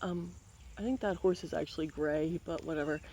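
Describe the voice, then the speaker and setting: A woman's voice: sits low, fairly quick, mellow, slight background noise. A woman reading a picture book aloud, breaking off for playful, wry running commentary.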